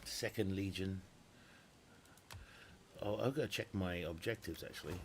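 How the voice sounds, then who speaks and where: A man's voice: low voice, normal speed, slight background noise. A man at home, chatting casually and rambling through live-stream game commentary. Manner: rambling, chatty, restarts and self-corrects. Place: at home with family nearby.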